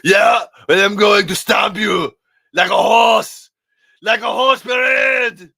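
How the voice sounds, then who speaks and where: A man doing an impression of a hot-tempered male action star with a put-on Austrian accent and a loud barking delivery. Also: sits high, takes it slowly, creaky, breathy edge, no echo, clean studio sound, voice pushed up, exaggerated voice. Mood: angry shouting. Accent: Austrian German, put on.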